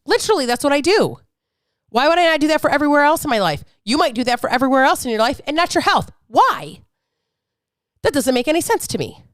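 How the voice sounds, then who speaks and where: A high-voiced woman in her thirties, a fitness coach who hosts a podcast, rants unfiltered with big pitch swings and a fast delivery. Blunt, profane, fired-up and preachy, she's recorded dry and close with no echo.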